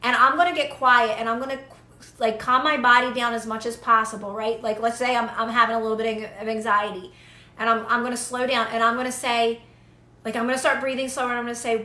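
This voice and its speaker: A woman's voice: on the high side, level tone, fast, bright, forceful tone, reverberant. A young woman giving casual, earnest manifestation advice to viewers on a live stream, repeating phrases for emphasis.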